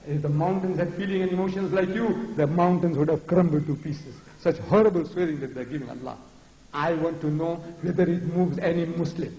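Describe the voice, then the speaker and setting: A man's voice: sits high, a little fast. A man in his seventies giving an emphatic, repetitive public lecture. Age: 70s. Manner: emphatic, repetitive, animated preaching. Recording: echoey hall recording.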